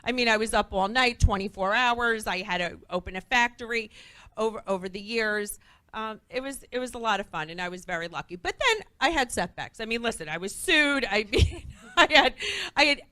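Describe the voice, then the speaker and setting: Bright-voiced woman telling lively stories. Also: on the high side, brisk, dry recording. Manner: lively, acts out quoted voices. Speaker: guest entrepreneur. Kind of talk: animated storytelling on a talk show.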